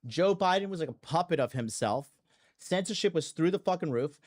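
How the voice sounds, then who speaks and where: A man's voice: fairly high pitch, animated, brisk. A man hosting a podcast in a blunt, profane, rambling monologue full of fillers and restarts. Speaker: podcast host. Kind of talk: casual monologue.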